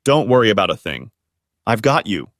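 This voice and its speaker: A man voicing a calm, kindly cowboy spirit from the old West, talking in a folksy Texas accent. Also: on the low side, moderate pace, no room sound, studio quality. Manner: folksy, drawling, reassuring.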